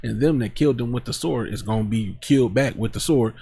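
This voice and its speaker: Male preacher, husky voice, reads verses then riffs bluntly in casual street talk. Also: mid-range voice, brisk, warm tone. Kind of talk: scripture teaching.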